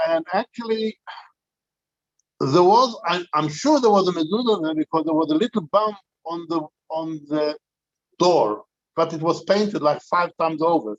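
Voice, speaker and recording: A man's voice: a little high, muffled recording. An older man, a rabbi, telling an anecdotal story to a community gathering, with frequent restarts.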